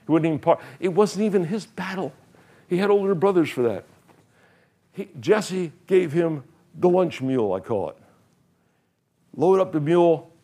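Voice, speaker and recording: A man's voice: medium pitch, a little mellow. A middle-aged male pastor preaching a sermon, animatedly retelling Bible stories and acting out the characters' lines with frequent laughter.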